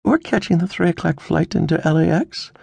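Nervous young daughter, pleading and earnest, pitched well up, as a male narrator puts her on. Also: brisk, gravelly, mellow, husky, dry recording, full character voice.

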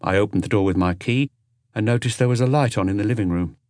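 A hard, unflinching older woman with nothing to hide, as a male narrator puts her on in a raised voice. She answers flatly and bluntly in an audiobook. The sound is close and dry. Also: lowish voice, quick pace, no echo, natural voice. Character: flat-voiced older woman, ex-convict cleaner.

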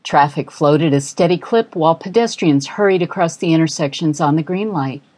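Low-voiced woman narrating a story. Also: fairly quick, a little mellow. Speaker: audiobook narrator. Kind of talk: scripted narration.

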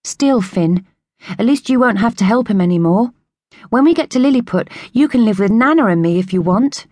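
A woman's voice: mid-range voice, expressive, moderate pace, darkish tone, dry recording, voice pushed up, natural voice. A woman reading an audiobook, voicing a spirited tiny young girl with an indignant, emphatic way of talking. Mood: determined.

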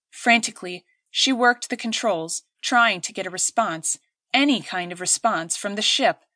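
A woman reading an audiobook aloud in steady, clear scripted narration. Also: medium pitch, dry recording, studio quality.

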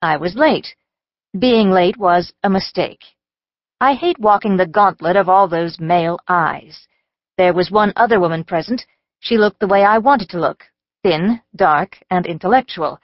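A woman's voice: on the low side, unhurried, no room sound. A woman narrating an audiobook in the first person, with a wry, dry-humored delivery. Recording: slightly dull dry studio audio.

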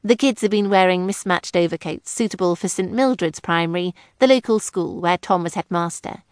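A woman's voice: fairly low pitch, a little fast, no echo, studio quality. Woman narrating an audiobook. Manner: even, clear storytelling. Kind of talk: scripted first-person narration.

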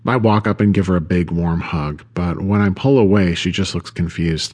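A man with a fairly low voice narrating a first-person audiobook story. His delivery is subdued and low-key. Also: a little fast, hardly any pauses, slightly rough.

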